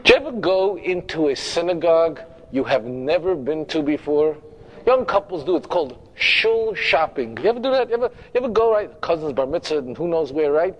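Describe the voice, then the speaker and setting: A man's voice: fairly high pitch, animated, a little fast, lo-fi sound. A man giving an emphatic, humorous sermon-style talk as a rabbi, repeating phrases and asking the audience direct questions.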